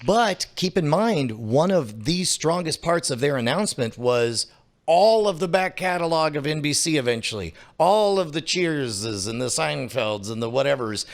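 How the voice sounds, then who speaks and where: Jokey, halting podcast co-host. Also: male voice, fairly high pitch, lively intonation. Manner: jokey, halting, lots of restarts. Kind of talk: casual chat.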